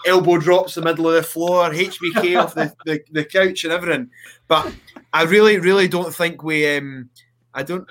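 A man's voice: on the high side, steady tone, normal speed, a bit bright, a little hiss or hum. A man, a wrestler guest, telling stories in a casual podcast chat on a video call, full of restarts. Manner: storytelling, lots of restarts, laughs often.

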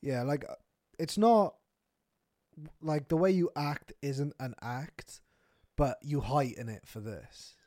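A man's voice: fairly high pitch, slow, pauses often, warm tone, no room sound, studio quality. A young man co-hosting a podcast in casual chat, chatty and easily amused, reading out listener questions. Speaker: podcast co-host.

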